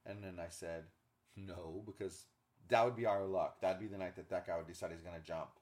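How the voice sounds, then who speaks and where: Low-voiced man telling animated stories. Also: fairly quick. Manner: animated storyteller, acts out pets' thoughts in silly voices. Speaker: podcast co-host. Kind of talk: casual chat.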